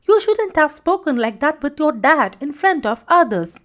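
A worried, loving lioness mother from a storybook, pleading gently but firmly with her son, voiced by a woman. Her voice rides noticeably high and lively. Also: measured pace.

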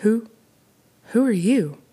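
A woman's voice: a little high, animated, slow, mellow, slightly rough, pitched above the performer's own voice, exaggerated voice. Woman doing a scared little girl. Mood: frightened. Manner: timid, trembling. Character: small frightened young girl.

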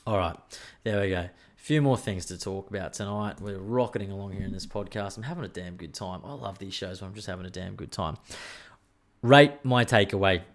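A young man hosting a solo podcast, telling rambling, excitable stories and swearing freely. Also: deep voice, a little fast. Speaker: podcast host. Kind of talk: casual solo podcast chat.

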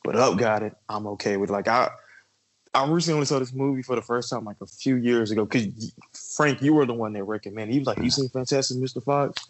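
A man's voice: mid-range voice, fast talker, poor audio. A man in his twenties co-hosting a casual podcast, telling stories animatedly with casual swearing. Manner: animated storyteller, swears casually, lots of fillers. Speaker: podcast co-host.

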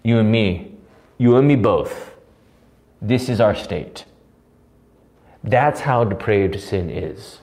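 A man teaching catechism as a pastor, preaching with passion, at times rising almost to a yell and then dropping quietly, recorded live on his own with no audience present. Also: lowish voice, animated, slow, pauses often. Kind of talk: recorded live Bible study sermon.

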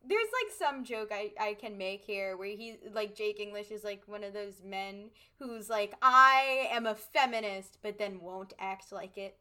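A woman's voice: medium pitch, sharp tone, clear, resonant tone. A woman co-hosting a podcast, chatting casually, laughing a lot and swearing freely. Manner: giggly, drawn-out, swears casually. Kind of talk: casual chat.

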